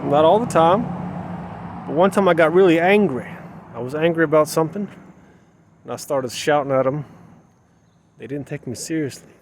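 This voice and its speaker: A man's voice: on the high side, normal speed, pauses often, slight background noise. A man talking to his camera in a rambling, emotional way, repeating himself as he questions his own feelings, outdoors. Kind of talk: personal vlog monologue.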